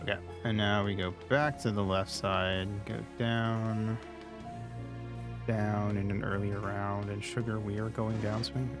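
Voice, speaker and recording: Streamer type, low male voice, reads game text aloud over loud game music. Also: flat delivery, measured pace. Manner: reads game text aloud between short casual remarks.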